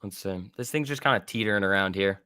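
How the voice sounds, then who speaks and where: He's a stock trading stream host giving casual live market commentary, talking loosely, reasoning aloud, and swearing once in a while. His low voice comes fast, bright and forceful, with a clean tone. Studio quality, no echo.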